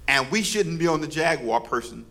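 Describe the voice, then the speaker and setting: Playful pastor preaching, somewhat high voice. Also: male voice, animated, moderate pace, gravelly, pushed and bright. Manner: playful, teasing the congregation. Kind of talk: sermon with call and response. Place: church service before a congregation.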